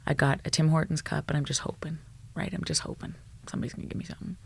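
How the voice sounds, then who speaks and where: A woman, a psychologist guest on a podcast, telling stories in an animated, blunt way, swearing freely and dropping to a hushed tone at tender moments. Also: deep voice, rapid-fire, gravelly, breathy edge, no room sound. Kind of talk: storytelling in a podcast interview.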